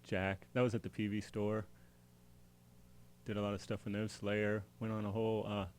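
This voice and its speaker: A man's voice: on the low side, completely flat delivery, normal speed, slight background noise. A man talking as a guest on a casual talk show, laid-back and giggly while remembering his work. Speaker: guest photographer. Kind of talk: casual interview chat.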